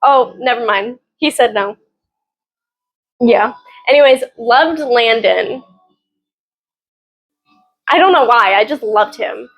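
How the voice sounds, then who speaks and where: A young woman reviewing books on her home vlog, talking casually and gushing with excitement, full of fillers. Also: on the high side, takes it slowly, long pauses, poor audio. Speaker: book vlogger. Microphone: camera in front of her.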